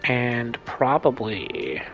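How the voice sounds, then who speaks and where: A man's voice: mid-range voice, big pitch swings, drawn-out words, fairly bright tone, lo-fi sound, faint music behind. A man hosting a casual let's play, rambling and explaining his choices as he thinks aloud. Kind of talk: casual gameplay commentary.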